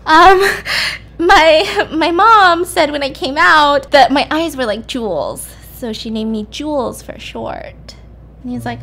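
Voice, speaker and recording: A woman's voice: sits high, unhurried, sharp tone. Chatty woman retelling a story. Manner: chatty, rambling, acts out quotes with swearing. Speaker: podcast host. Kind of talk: casual storytelling recap.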